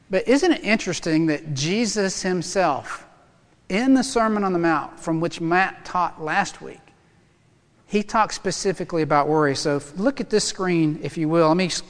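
A male pastor preaching a sermon, animated and emphatic, with touches of humor. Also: on the high side, big-room sound.

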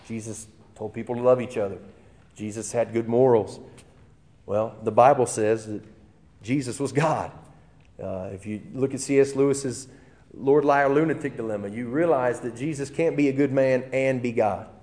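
A man preaching a sermon in a relaxed, conversational way, with fillers and restarts. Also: mid-range voice. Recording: long hall reverb.

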